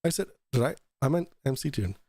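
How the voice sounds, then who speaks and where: A man's voice: medium pitch, lively intonation, fairly quick, a little mellow, slightly rough, no echo, clean studio sound. A man hosting a talk show, ranting profanely and mockingly, taking shots as he goes. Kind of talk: ranting commentary.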